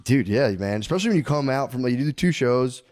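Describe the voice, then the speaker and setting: A man's voice: medium pitch, animated, fast, darkish tone, no room sound, clean studio sound. A man in his thirties co-hosting a podcast, chatting casually and swearing, telling stories with bursts of acted voices. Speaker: podcast co-host. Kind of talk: casual chat.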